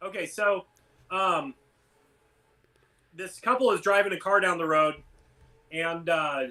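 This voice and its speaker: Casual male co-host, high and bright voice, rambling joke-teller. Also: slow pace. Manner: rambling storyteller, many fillers. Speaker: podcast co-host. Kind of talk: casual chat, telling jokes.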